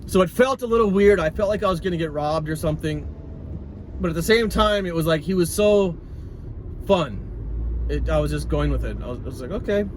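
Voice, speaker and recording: A man's voice: on the high side, expressive, brisk. Rambling man telling a story in a car. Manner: rambling, with frequent restarts. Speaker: travel storyteller. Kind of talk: casual storytelling. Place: moving car. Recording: road noise in a car.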